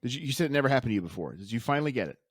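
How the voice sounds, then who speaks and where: A man's voice: medium pitch, lively intonation, very fast, slightly rough, no room sound, clean studio sound. A man in his forties co-hosting a casual podcast chat, teasing and cracking jokes. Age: 40s. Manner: teasing, wisecracking. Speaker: podcast co-host.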